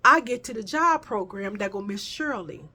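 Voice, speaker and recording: A woman's voice: medium pitch, normal speed. A woman vlogger telling a personal story in casual chat, talking straight to her viewers. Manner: animated storytelling, addresses viewers as y'all.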